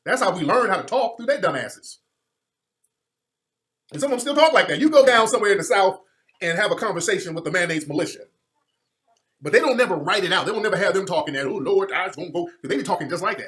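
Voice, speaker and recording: A male commentator giving an impassioned monologue, with emphatic preacherly repetition, moving from loud outbursts to low muttering. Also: expressive, fast talker.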